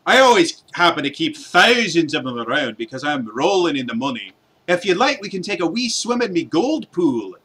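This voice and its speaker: A gruff dwarven blacksmith, as a man puts him on, dripping sarcasm through a thick, heavy accent. His voice jumps well above the performer's own, with a bright, forceful edge. He sounds exasperated, as if every request costs him money. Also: medium pitch, animated, takes it slowly, voice pushed up. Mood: sarcastic. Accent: put-on thick accent.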